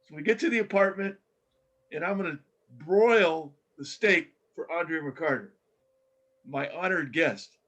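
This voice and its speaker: An older man speaks as a guest in a relaxed interview, fairly high for a man. He tells his stories with animation and keeps restarting his sentences as he goes. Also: a little slow, poor audio. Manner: animated storyteller with many restarts. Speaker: guest, former coach. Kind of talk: casual storytelling interview.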